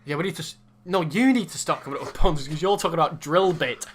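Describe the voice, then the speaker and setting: A man's voice: a little high, fast talker, a little hiss or hum. A young man co-hosting a casual sports podcast, ranting in mock exasperation and joking with his co-host.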